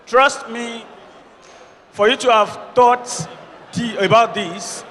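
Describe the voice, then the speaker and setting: A man moderates a student debate, projecting a high, sharp voice over the room. He pleads formally and insistently, repeating his requests. His voice rings with long reverb, with faint noise behind. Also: slow pace. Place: large hall with a noisy student audience. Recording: reverberant hall with background noise.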